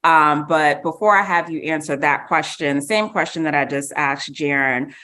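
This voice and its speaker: Upbeat woman moderator with a very low voice. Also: moderate pace, pushed and bright. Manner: upbeat, casual, hyping up the audience. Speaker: panel moderator. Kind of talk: moderating a panel.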